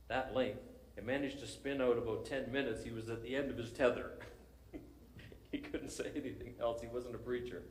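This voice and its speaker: A man's voice: medium pitch, fairly even intonation, moderate pace, echoey room, poor audio. A male pastor preaching a sermon, telling a story with animation and frequent chuckles.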